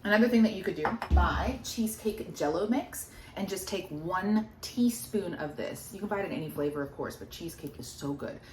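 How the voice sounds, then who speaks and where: A woman's voice: lowish voice, animated, a little fast, darkish tone, slight background noise. A woman fitness coach chatting casually through a recipe and a meal-logging demo, upbeat and gushing. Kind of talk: casual recipe vlog chat.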